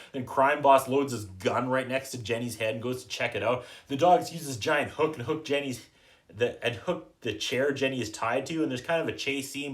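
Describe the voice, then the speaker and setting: A man hosting a podcast, recapping a movie in a casual, sarcastic way, often trailing off softly at the end of a thought. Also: medium pitch. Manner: dry, joking, quotes characters in quick put-on voices. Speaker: podcast host reviewing a movie.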